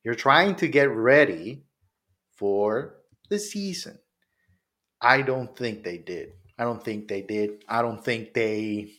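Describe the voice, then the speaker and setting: A man from Honduras co-hosting a sports podcast, giving measured, thoughtful takes in casual chat with frequent "you know". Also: medium pitch, a bit bright. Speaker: podcast co-host.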